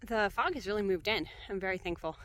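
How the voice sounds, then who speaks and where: A woman's voice: mid-range voice, quick pace, a bit bright, poor audio. A woman films herself on a snowy trail and talks casually to the camera. She sounds winded, laughs a lot and pads her speech with fillers. Faint wind noise runs under her voice. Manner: chatty and upbeat, laughing often, many fillers. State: out of breath from skiing. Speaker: solo backcountry skier filming herself. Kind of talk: casual vlog narration. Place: outdoors on a snowy mountain trail.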